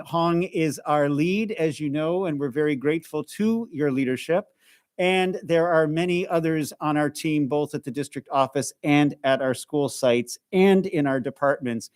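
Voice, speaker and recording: A man introducing a report at a school board meeting, measured and grateful, with hesitant fillers. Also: on the high side, darkish tone, no echo, studio quality. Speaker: school district administrator.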